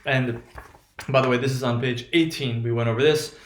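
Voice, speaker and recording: Halting male teacher in echoey room. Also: mid-range voice, steady tone, a little hiss or hum. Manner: halting, many restarts and tag "right?". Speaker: pronunciation teacher. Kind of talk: recorded classroom lecture.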